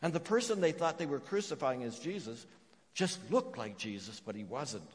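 A man preaching a sermon as pastor, emphatic, dropping to hushed repeated phrases. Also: mid-range voice, very animated, moderate pace. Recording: long reverb of a church hall.

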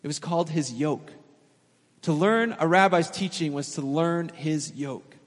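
A man's voice: on the high side, a little slow. Chatty male pastor in a reverberant hall. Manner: conversational storytelling with laughs and fillers. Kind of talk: sermon. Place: church sanctuary.

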